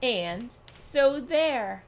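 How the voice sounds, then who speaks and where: Woman putting on a gruff bragging bear. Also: on the high side, lively intonation, very slow, heavily acted. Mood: gruff boasting. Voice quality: gruff, growling. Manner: snorting, scornful. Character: gruff boastful male bear. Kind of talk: read-aloud storybook.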